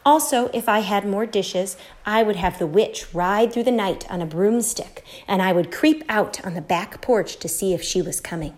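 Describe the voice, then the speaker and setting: A woman voicing a playful, kindly older lady in a storybook, speaking softly and confidingly. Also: mid-range voice, normal speed, hardly any pauses, lightly acted. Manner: soft, quiet and confiding.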